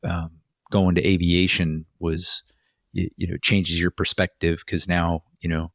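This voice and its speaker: A man's voice: deep voice, level tone, a little slow, fairly bright tone, no echo, studio quality. A man co-hosting a podcast, a former police officer telling stories in a chatty way with many fillers and restarts. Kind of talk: casual podcast chat.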